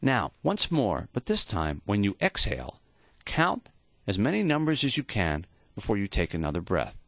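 A man voicing a gentle, accepting old professor who is dying, speaking softly and calmly. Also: on the low side, gravelly, no echo, exaggerated voice. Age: older. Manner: soft, calm and unhurried.

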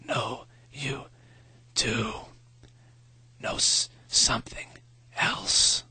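A man voicing a frail, dying old male professor with a thin, raspy, whispery voice, speaking in short breathy bursts. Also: medium pitch, fairly even intonation, drawn-out words, sharp tone, no room sound, voice pushed up, full character voice. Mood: frail, tender.

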